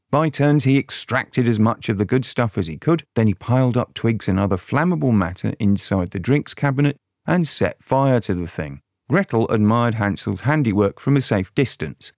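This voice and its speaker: Man, sardonic storyteller, crude mock fairy tale, middle pitch, dry close sound. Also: a little mellow, dry recording.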